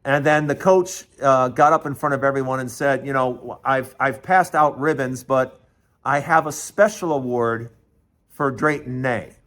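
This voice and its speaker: A man's voice: mid-range voice, measured pace, a bit bright. A man in his sixties, hosting a show and telling a childhood story, acting out the voices of the people in it with many restarts. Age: 60s. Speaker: host. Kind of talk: storytelling monologue.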